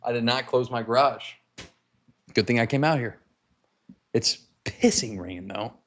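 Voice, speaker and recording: This whiskey livestream host talks a little slowly at a medium pitch, with some faint noise behind him. He jokes loosely with viewers from home, carrying his phone as he heads out to the garage.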